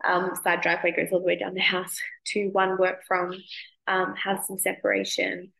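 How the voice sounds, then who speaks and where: A woman in her thirties with an Australian accent, hosting a podcast in a chatty, expressive way and swearing casually. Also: mid-range voice, moderate pace, vocal fry, poor audio. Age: 30s. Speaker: podcast host. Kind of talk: casual monologue.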